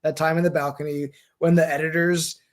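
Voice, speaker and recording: A man's voice: a little high, brisk. A young man guesting on a podcast, chatting casually and laughing often while recapping a show. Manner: relaxed, amused, laughs often.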